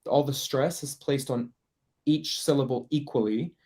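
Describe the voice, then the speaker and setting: A man's voice: medium pitch, fairly even intonation, unhurried, darkish tone. A man teaching French in a casual online workshop, chatty, laughing often and putting on voices for quoted speech.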